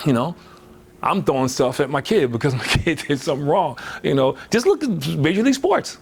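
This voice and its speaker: A man's voice: a little high, sing-song, fairly quick, vocal fry, slightly rough. A man giving a motivational workshop talk in a conversational way, filling with "you know" and acting out quoted voices. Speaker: motivational speaker.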